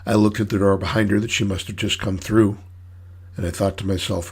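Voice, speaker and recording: A man's voice: lowish voice, a little fast, slightly rough. A man reading his own story aloud in dry, wry, hard-boiled first-person narration.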